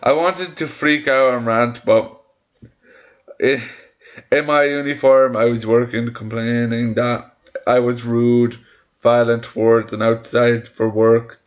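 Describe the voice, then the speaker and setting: A young man reacting to stories he reads aloud, heated and full of swearing. He trips over his words and starts sentences again. His voice sits at a middling pitch and comes through a slightly muffled, lo-fi mic. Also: steady tone, takes it slowly. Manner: heated, swearing, stumbling restarts. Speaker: vlogger reading stories. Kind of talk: casual reaction rant.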